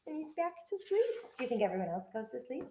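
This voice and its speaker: High, lively woman teacher reading aloud. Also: echoey room. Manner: playful, expressive storytelling with sound effects. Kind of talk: reading a picture book aloud to children.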